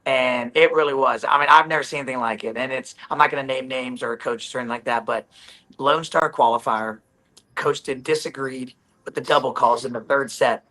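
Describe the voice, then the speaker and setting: A man telling a volleyball story in casual chat, often repeating and restarting his words, his voice recovering from hoarseness. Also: mid-range voice, steady tone, fairly quick, sharp tone, poor audio. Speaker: volleyball guest.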